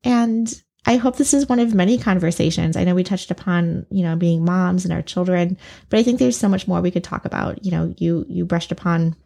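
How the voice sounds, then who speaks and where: A woman's voice: on the low side, brisk, vocal fry, mellow. A woman hosting a podcast interview, talking in an earnest, emphatic way. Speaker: podcast host. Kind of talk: conversational interview.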